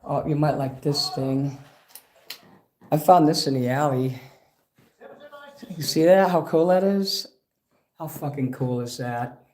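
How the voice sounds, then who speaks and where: A man's voice: fairly high pitch, takes it slowly, pauses often, a little mellow. Rambling profane man. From Chicago. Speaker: livestream host. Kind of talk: casual livestream chat.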